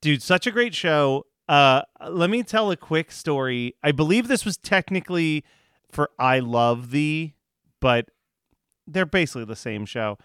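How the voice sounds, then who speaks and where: Podcast guy rambling through a story, lots of "like", smooth clear voice, dry close mic. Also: on the high side, animated, measured pace, fairly bright tone, dry recording. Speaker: podcast co-host. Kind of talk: casual chat recapping a TV episode.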